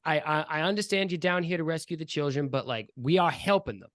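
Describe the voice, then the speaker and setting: A man's voice: fairly high pitch, fairly quick, no echo, studio quality, close to an everyday voice. A man voicing a nervous woman lab assistant who stammers and pleads.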